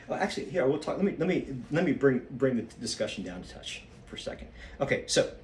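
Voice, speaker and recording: A man's voice: medium pitch, echoey room, distant mic, a little hiss or hum. A man in his fifties, slightly out of breath, rambling and losing his train of thought as he thinks aloud while shaking his body. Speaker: solo practice vlogger.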